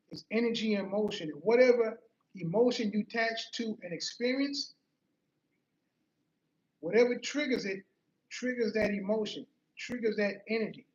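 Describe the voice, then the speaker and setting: A man giving an earnest personal motivational talk, telling a story and repeating key phrases for emphasis. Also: sits high. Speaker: motivational speaker. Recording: roomy, slightly muffled.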